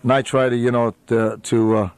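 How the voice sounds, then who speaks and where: A man's voice: mid-range voice, little pitch movement, normal speed, darkish tone, dry recording. A man who owns a restaurant, talking as a radio guest in a rambling way with lots of uhs and easy laughs. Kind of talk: casual radio interview chat.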